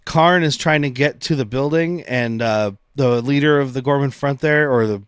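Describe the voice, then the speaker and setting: A man chatting casually as co-host of a show recap podcast, walking through scenes in a relaxed way. His voice sits mid-range and sounds dry and close, with no room around it. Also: mid-range voice, moderate pace, smooth, no echo. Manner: laid-back, recaps scenes with quoted lines. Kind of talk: casual chat.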